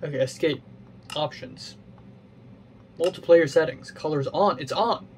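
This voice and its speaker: A man talking himself through a game puzzle, muttering his guesses aloud and now and then mocking his own mistakes. His voice sits a little above the usual pitch for a man, and a faint hiss runs underneath it. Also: unhurried. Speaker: gaming channel host. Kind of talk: playing a puzzle game while thinking aloud.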